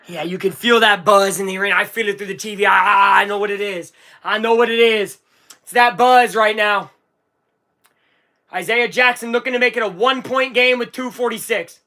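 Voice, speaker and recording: A live streamer calling a basketball game as an excitable fan, swinging from low muttering to shouting and swearing. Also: normal speed. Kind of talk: live fan watch-along commentary.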